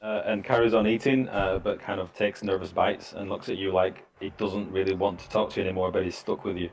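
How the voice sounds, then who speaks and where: A man narrating as game master in a tabletop game, halting, with many restarts. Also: deep voice, steady tone, vocal fry, low-quality recording. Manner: halting, full of fillers and restarts.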